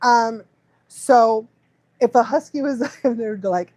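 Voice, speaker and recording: Chatty woman livestreaming, high voice. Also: slow, a little mellow, no room sound. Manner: rambling, laughs often, goes off on tangents. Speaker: dog trainer and live stream host. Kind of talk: casual live stream chat.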